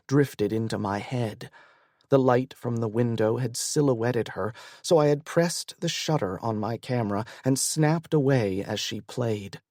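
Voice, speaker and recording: Slow, measured male audiobook narrator. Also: medium pitch, warm tone, dry recording, studio quality. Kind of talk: first-person audiobook narration.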